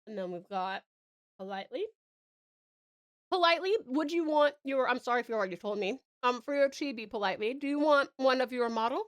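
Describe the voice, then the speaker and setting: A woman's voice: sits high, expressive, brisk. Giggly chatty woman streamer. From Australia. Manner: chatty, giggly, talks to chat while working. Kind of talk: casual live-stream chat.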